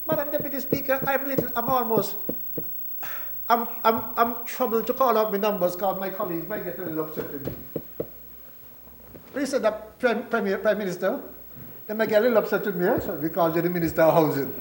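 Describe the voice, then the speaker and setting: With a high, fairly bright voice, the minister from Saint Kitts and Nevis presents the budget in his Kittitian accent. His manner is folksy and teasing as he jokes with colleagues inside an echoing parliament chamber.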